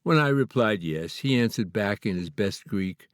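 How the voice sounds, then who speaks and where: A man from Canada reading his own memoir aloud in a measured, earnest, slightly formal way. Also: fairly low pitch, expressive, clean tone, no room sound, clean studio sound. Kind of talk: memoir audiobook narration.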